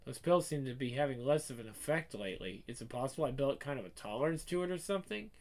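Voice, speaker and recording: A man's voice: mid-range voice, animated, fast, a little mellow, natural voice. A man voicing a flustered, anxious middle-aged mother, talking to herself in a frantic inner monologue. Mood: fretful.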